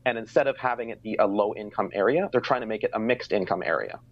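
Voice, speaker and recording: A man's voice: lowish voice, expressive, fast. A young man from Canada telling a personal story in a casual conversation, reflective, with many ums. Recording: dry, slightly dull sound.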